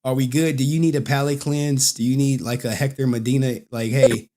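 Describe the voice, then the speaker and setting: A man's voice: mid-range voice, steady tone, fairly quick, noisy background. A man hosting a stream, giving casual, rambling commentary and repeatedly breaking into giggles. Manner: giggly, breaks into frequent laughter; loose, rambling, repeats himself. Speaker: streamer host.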